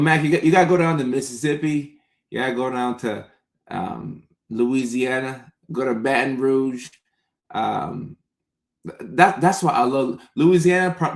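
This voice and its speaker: A man's voice: medium pitch, vocal fry, roomy sound. A man hosting a live stream, chatting casually and responding to viewer comments. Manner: laid-back, chatty, reads out viewer comments.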